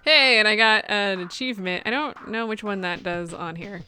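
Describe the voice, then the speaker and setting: A woman's voice: medium pitch, moderate pace, sharp tone, faint music behind. A woman hosting a let's-play, giving casual, chatty commentary and laughing at herself. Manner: chatty, self-correcting, laughs often. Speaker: gaming channel host.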